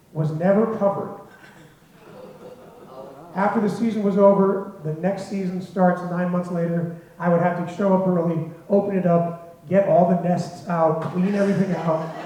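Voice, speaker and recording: A man telling a lively anecdote to a live audience, chuckling as he goes, recorded in a very echoey hall with dull sound. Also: sits high. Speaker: storyteller at a symposium.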